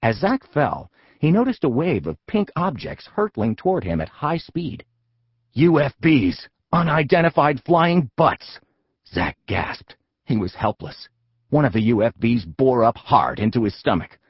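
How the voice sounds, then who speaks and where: A man reads a comic children's audiobook with a slightly husky voice. His pitch is animated and playful as he tells the story. The recording is dry and a bit dull. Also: moderate pace, dry recording. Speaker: audiobook narrator. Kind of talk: comic kids' audiobook narration.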